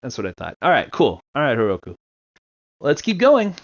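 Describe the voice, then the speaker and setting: A man giving casual, chatty commentary while playing a game, laughing often and throwing in quick asides. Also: medium pitch, huge pitch swings, a little hiss or hum. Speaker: let's-play streamer. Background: game music.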